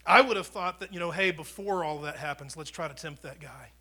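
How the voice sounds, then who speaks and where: Talking a little fast in a slightly high male voice, an American pastor preaches conversationally. He rises to loud proclamations and drops to near whispers, often repeating words or beginning them again.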